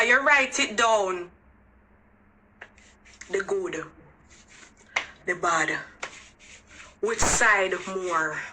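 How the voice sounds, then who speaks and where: Speaking straight to camera in a mid-range voice, a woman with a Jamaican accent offers earnest, emphatic relationship advice, pressing the viewer with questions. She draws out her words and leaves long pauses, with background noise present.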